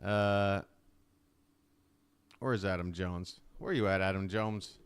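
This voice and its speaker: A man hosts a fan livestream with casual live play-by-play. His voice sits low and comes through smooth and clear. He rambles chattily and talks straight to his viewers as he watches. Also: takes it slowly. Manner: chatty and rambling, many fillers.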